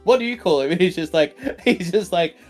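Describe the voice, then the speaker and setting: A man's voice: high-pitched, expressive, fairly quick, faint music behind. A tired man co-commentating a card game stream, joking silly and laughing constantly. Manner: giggly, silly, keeps laughing at his own jokes. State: tired after a long day. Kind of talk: casual stream banter.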